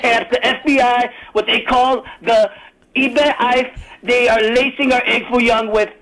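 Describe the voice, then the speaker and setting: A man with a Chicago accent calling in to a sports show, rambling fast from one topic to the next. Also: very high-pitched, fairly even intonation, fairly bright tone, slight background noise, poor audio. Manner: rapid, rambling, jumps between topics. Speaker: caller. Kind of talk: call-in chat.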